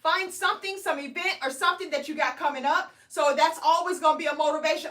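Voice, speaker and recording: A woman's voice: very high-pitched, a little fast, hardly any pauses, bright, forceful tone. A woman in her thirties live-streaming a motivational talk to her viewers, chatty and often checking in with "okay?" and "guys.". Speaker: weight loss vlogger. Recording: distant from the mic.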